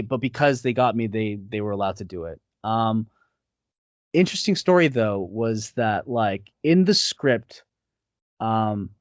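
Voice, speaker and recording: A man's voice: fairly low pitch, no echo. A male voice actor, a guest in a casual interview, talking in a rambling way with many fillers and restarts. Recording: dull lo-fi audio.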